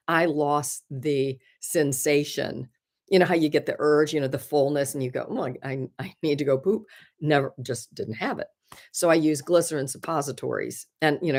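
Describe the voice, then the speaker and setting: A woman hosting a live stream, chatting candidly and earnestly with viewers, often laughing at herself and offering encouragement. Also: deep voice. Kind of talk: casual chat answering viewer comments.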